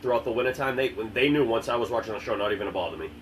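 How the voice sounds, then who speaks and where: Fast-talking, profane male co-host. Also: lowish voice, distant mic, a little hiss or hum, rough recording. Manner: profane, joking, rapid-fire banter. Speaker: podcast co-host. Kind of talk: casual chat.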